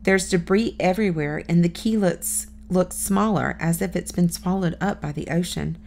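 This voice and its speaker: A woman's voice: on the low side, normal speed, gravelly, a little mellow, slight background noise. A woman reading a children's novel aloud as first-person audiobook narration, plain storytelling with small lifts for dialogue.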